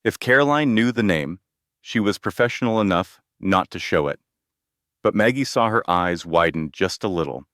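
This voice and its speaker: A man narrating a scripted drama story in an even, measured way. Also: deep voice, no room sound, studio quality.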